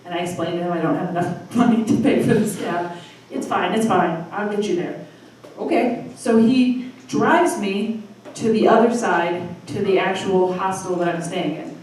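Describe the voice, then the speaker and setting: A woman's voice: mid-range voice, moderate pace, few pauses, darkish tone, distant mic. Woman in her thirties, live storyteller, chatty and self-deprecating, very echoey room, heard from afar, faint background noise. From Michigan, USA. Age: 30s. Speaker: storytelling night host. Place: live storytelling venue with audience.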